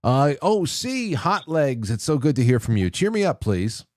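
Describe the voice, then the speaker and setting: A man's voice: mid-range voice, very animated, moderate pace, a little mellow, no echo, clean studio sound. A man hosting a casual call-in talk show, rambling with frequent restarts and chuckles. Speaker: radio call-in host.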